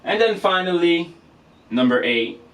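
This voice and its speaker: A man's voice: sits high, lively intonation, measured pace, a bit bright. Man teaching drums, somewhat distant mic. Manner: casual, with many fillers and self-corrections, apologetic. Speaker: drum teacher. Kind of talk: casual instructional demonstration. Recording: voice from a distance with faint noise.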